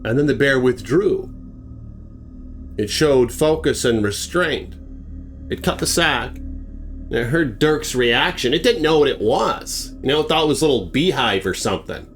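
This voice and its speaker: A man telling a horror story in a casual, rambling way, full of fillers and restarts. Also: fairly high pitch.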